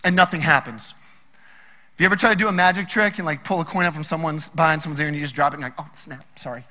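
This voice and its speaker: A man preaching a sermon in a casual, animated storytelling way. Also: on the high side, fast, big-room sound. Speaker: pastor.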